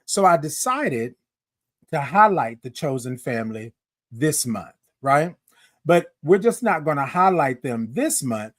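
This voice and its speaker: A man hosting a live-streamed morning show, chatty and lively, calling out greetings to his viewers. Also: a little high, unhurried, no room sound, clean studio sound. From Houston, Texas. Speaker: host.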